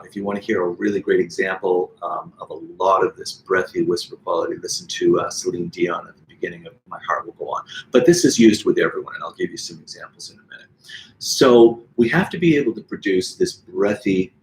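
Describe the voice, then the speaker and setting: A middle-aged voice teacher from the Boston area, with a Boston accent, gives an online voice lesson and breaks into sung examples while explaining. His voice is deep, and the recording is rough with slight background noise.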